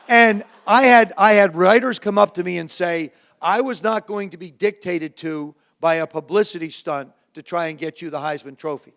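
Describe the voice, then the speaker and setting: A man around seventy, from New Jersey, telling lively, self-mocking stories to a live audience as a former quarterback and guest speaker. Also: high-pitched, moderate pace, hardly any pauses. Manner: lively anecdotes with self-mocking humor, frequent restarts. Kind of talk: storytelling talk to a live audience.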